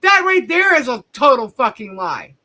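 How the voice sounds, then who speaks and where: A woman's voice: sits high, very animated, moderate pace, crowd noise. A woman hosting a livestream, delivering a heated, profane, confrontational commentary rant. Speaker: livestream host.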